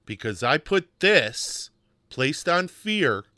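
A man hosting a podcast, telling a personal story in a casual, animated way with emphatic repetition. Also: on the high side, slow, no echo, clean studio sound. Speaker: podcast host.

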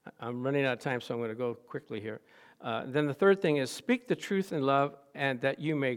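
A middle-aged man preaches a sermon with a slightly high-pitched voice. He tells stories in an animated way, acting out what people said and breaking into laughter. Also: a little fast. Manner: animated storytelling, acts out quotes, laughs often. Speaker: pastor.

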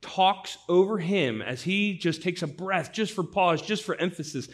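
Midwest guy preaching, earnest and chatty, goes loud then hushed. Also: sits high, unhurried, few pauses. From St. Louis, US Midwest. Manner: earnest, conversational storyteller, swinging from loud to hushed. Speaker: pastor. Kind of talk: sermon.

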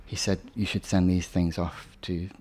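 A young adult man, a poet, answering interview questions in a soft-spoken, hesitant way with frequent restarts. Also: low voice, flat delivery, moderate pace. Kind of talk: reflective conversational interview.

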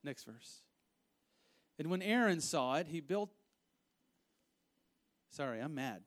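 Brief: male preacher, fairly high voice, animated Bible teaching with emphatic bursts. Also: slow pace. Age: adult, married with children. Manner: animated, rising to emphatic outbursts, acts out voices. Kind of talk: sermon, reading scripture and commenting.

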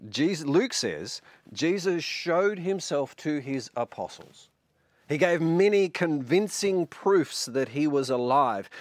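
A man preaching a sermon with animated storytelling and light humour. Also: fairly high pitch, dry recording.

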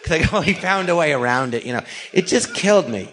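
A middle-aged man telling stories in a casual chat, acting out the people in them with quick voices. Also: a little high, slight background noise. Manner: animated, does voices of people in his stories. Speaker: podcast guest. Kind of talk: casual storytelling.

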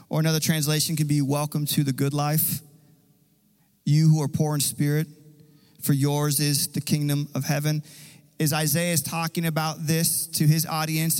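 A man's voice: on the high side, darkish tone, in a large hall, rough recording. A man preaching a sermon as pastor, earnest and conversational.

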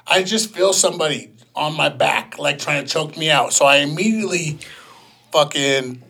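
A man telling a story in a casual, profane, animated way, as a podcast co-host. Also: on the high side, normal speed, creaky, a little hiss or hum.

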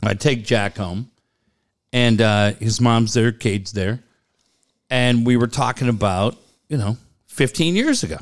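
A man's voice: mid-range voice, a little slow, long pauses. A man in his forties telling a long family story in casual chat, laughing often and repeating "I go".

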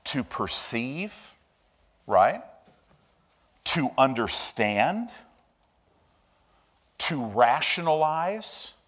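A man preaching a sermon as pastor, emotional and animated, speaking to a church congregation. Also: mid-range voice. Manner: emotional, animated preaching with sudden loud rises. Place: church sanctuary.

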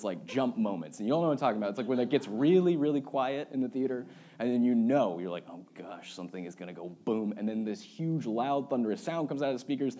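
A young adult man preaching a relaxed, conversational sermon as pastor, telling stories and joking with his congregation. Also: medium pitch. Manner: casual, storytelling, joking with the congregation.

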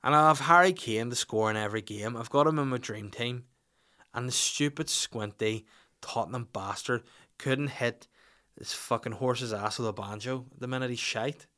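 A man's voice: medium pitch, normal speed, sharp tone. A man, hosting a podcast in casual chat, reading out listener questions with blunt, jokey swearing. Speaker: podcast host.

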